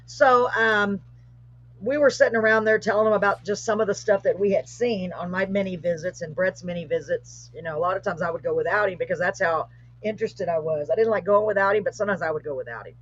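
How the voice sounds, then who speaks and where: Excited woman telling a spooky tale. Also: medium pitch, fast talker, slightly rough. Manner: animated, breathless storytelling with rising excitement. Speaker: host. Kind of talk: casual storytelling, paranormal tale. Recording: muffled lo-fi live stream audio.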